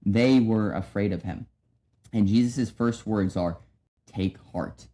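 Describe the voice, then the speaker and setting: A man's voice: lowish voice, unhurried, warm tone. A young man hosting a podcast, giving a casual devotional talk with frequent restarts and asides to his listeners. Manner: conversational, many restarts and "right?". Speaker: podcast host.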